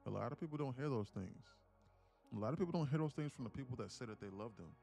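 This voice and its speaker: A man's voice: mid-range voice, expressive, fast talker, gravelly, mellow, faint music behind. A man hosting a casual live stream, talking reflectively and directly to his viewers. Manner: reflective, talks straight to his chat. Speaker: live-streaming day trader host.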